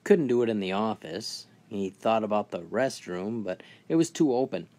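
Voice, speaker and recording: A man's voice: on the low side, lively intonation, normal speed, mellow. Man reading out dirty jokes. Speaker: joke teller. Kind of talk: scripted joke narration.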